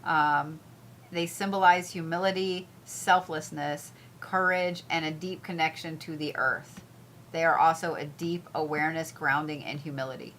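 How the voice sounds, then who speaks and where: A woman's voice: low voice, steady tone, moderate pace, a bit bright, slight background noise. A woman hosting casual zodiac and crystal reads, blunt and profane, repeating herself as she talks. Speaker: spiritual reader, host.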